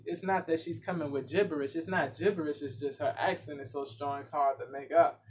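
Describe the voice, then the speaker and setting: A man hosting a reaction video, talking casually with slang and lots of repetition. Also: a little high. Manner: laid-back, repeats himself, slangy asides.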